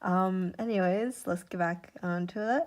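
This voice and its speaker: A woman chatting casually at home while unboxing gifts. She gushes excitedly, repeats "oh my gosh" and sometimes keeps her voice hushed. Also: on the low side, a little slow. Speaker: YouTuber. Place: at home indoors.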